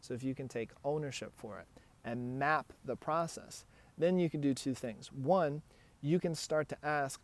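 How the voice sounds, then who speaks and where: A man's voice: mid-range voice, moderate pace. A man with a mid-range voice talks straight to the listener as a relationship coach. His delivery is earnest and encouraging, and he often acts out short example conversations. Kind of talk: direct advice talk.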